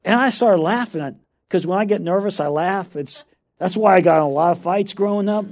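High-voiced laughing man preaching. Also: fairly quick, a little mellow. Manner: storytelling, laughs often, repeats "come on". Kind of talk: sermon.

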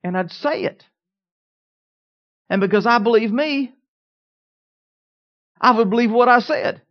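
Speaking a little slowly in a medium-pitched voice, a preacher delivers a sermon full of declarations repeated with building emphasis. He also asks the congregation questions, and the recording is dull and lo-fi.

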